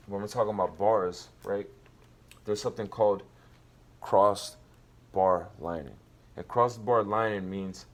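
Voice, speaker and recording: A man teaching rap writing in a casual way, explaining slowly and counting out beats and syllables. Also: deep voice. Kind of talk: casual instructional talk.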